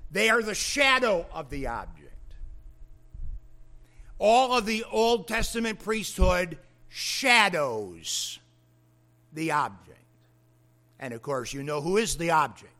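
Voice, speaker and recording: A male pastor preaching an expository sermon, with deliberate, emphatic phrasing and dramatic drops and rises. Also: high voice, bright, forceful tone.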